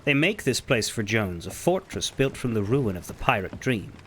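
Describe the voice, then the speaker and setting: A man's voice: lowish voice, very animated, moderate pace, fairly bright tone, a little hiss or hum. Exasperated swearing game streamer man. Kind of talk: casual gameplay commentary.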